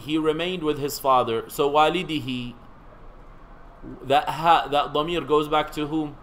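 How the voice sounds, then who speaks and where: A man's voice: fairly high pitch, moderate pace, fairly bright tone, slight background noise, low-quality recording. A man teaching a seminary class in a conversational lecture, quizzing his students and making joking asides.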